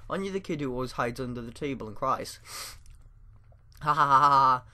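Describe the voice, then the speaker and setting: A man's voice: medium pitch, a little fast, bright, forceful tone. A man reading as a sneering teenage bully. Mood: mocking. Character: taunting teenage older brother bully.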